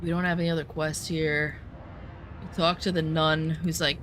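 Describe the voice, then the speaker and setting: Bright-voiced woman rambling over gameplay. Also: sits low, flat delivery, normal speed, a little hiss or hum. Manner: chatty, profane, rambling asides. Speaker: game streamer. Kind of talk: casual gameplay commentary.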